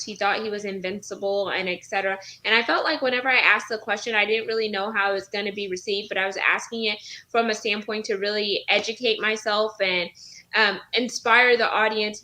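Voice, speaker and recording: Lady guesting on a podcast over video call, bright voice, chatty and animated. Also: mid-range voice, poor audio. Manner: animated storytelling, many fillers. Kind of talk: casual chat.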